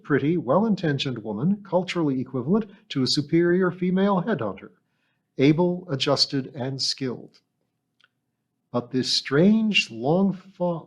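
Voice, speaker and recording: A man narrating an audiobook in a steady, measured storytelling voice. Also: fairly high pitch. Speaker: audiobook reader.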